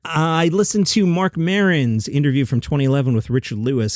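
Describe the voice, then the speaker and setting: A man's voice: medium pitch, lively intonation, fairly quick, darkish tone, dry recording, studio quality. A man hosting a comedy news podcast, chatty and opinionated, reading listener comments aloud.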